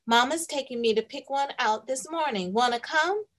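Storybook figure: proud, eager little girl, read aloud by a woman, fairly high voice. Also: moderate pace, fairly bright tone. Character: excited little girl planning her birthday.

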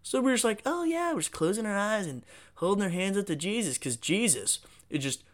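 A man hosting a solo podcast, talking in a rambling, profane, excitable way. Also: sits high, a little fast. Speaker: podcast host.

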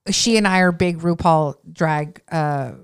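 A woman co-hosting a podcast gushes excitedly in casual chat. Her voice sits on the low side and sounds smooth and clean. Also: a little slow. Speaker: podcast co-host.

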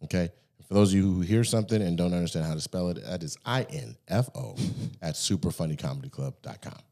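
Male podcast host, very low voice, relaxed plugging, studio mic. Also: fast, vocal fry. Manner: laid-back promotional pitch with fillers. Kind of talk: casual chat. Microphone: studio microphone.

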